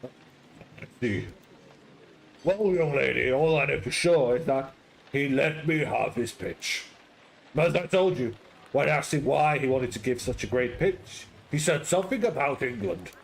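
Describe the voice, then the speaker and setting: A man's voice: medium pitch, expressive, measured pace, gravelly, a little hiss or hum, low-quality recording. A man voicing a pedantic, salesy old male bookseller in a game read-aloud, with a prim, lecturing delivery.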